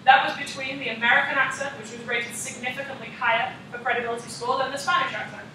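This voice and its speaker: A woman's voice: high voice, steady tone, quick pace, noisy background. A young woman, a student, practicing a class presentation and reading from prepared slides with frequent ums. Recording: echoey room, mic far off.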